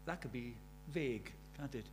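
A man preaching a sermon, animated, shifting from loud emphatic lines to quiet asides. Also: medium pitch, normal speed, a little hiss or hum.

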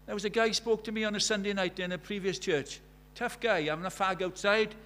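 A man's voice: sits high, steady tone, brisk, few pauses, fairly bright tone. A man preaching a sermon, telling stories and building to emphatic appeals.

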